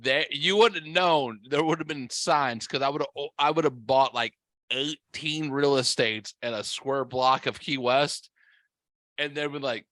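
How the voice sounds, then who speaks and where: A man co-hosting a casual podcast, with a mid-pitched voice. He talks animatedly, cuts in and swears freely. His voice sounds dry and close to the mic. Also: slow, dry recording. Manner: animated, interrupts, swears, mock-incredulous. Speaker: podcast co-host.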